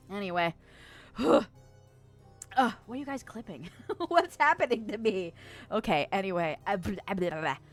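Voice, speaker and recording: A woman's voice: mid-range voice, animated, a little slow, pauses often, faint music behind. A woman streamer in casual chat, reading chat messages aloud with lots of laughter and self-mocking jokes.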